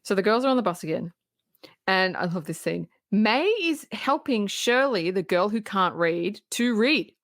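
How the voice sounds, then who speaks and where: A woman co-hosting a casual movie review podcast who retells scenes with animated laughter. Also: mid-range voice, moderate pace, no room sound, clean studio sound. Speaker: podcast co-host.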